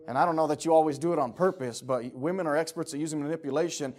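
A man's voice: fairly high pitch, very fast, darkish tone. A middle-aged man preaching a casual sermon, talking conversationally and emphatically and acting out the voices he quotes.

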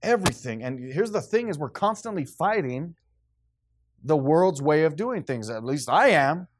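A man preaching as pastor, reading scripture slowly and explaining it in a casual, conversational way. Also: a little high, sing-song. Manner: reads scripture slowly and deliberately, then talks casually with laughs. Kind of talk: sermon.

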